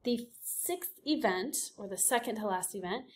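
A woman's voice: medium pitch, lively intonation, unhurried. A woman teacher giving a recorded reading lesson, explaining patiently and often checking in with her students. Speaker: elementary school teacher.

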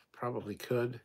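Husky-voiced man ranting on a livestream. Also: mid-range voice, a little mellow. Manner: irreverent, profane, sarcastic rants. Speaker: livestream host answering viewer chat. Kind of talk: casual livestream chat.

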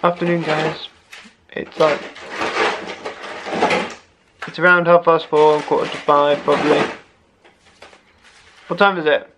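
A man co-hosting a casual home vlog, relaxed and teasing, on a dull lo-fi recording with background noise. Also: on the high side, slow pace, long pauses. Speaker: co-host vlogger.

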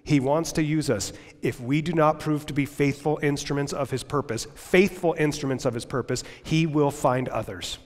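A man preaching a sermon as pastor, dramatic and swinging from loud to hushed delivery. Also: fairly high pitch, brisk, few pauses. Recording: long church reverb.

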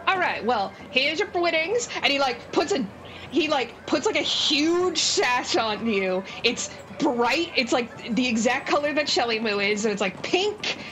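A woman's voice: high voice, expressive, a little slow, fairly bright tone, poor audio. A woman narrating as dungeon master, chatty and giggly, with lots of fillers. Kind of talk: narrating a tabletop game. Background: background music.

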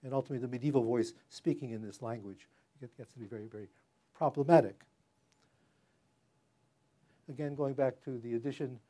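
Older man lecturing, halting, mellow. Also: mid-range voice. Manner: halting, with frequent fillers and restarts. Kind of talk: academic public lecture. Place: lecture hall.

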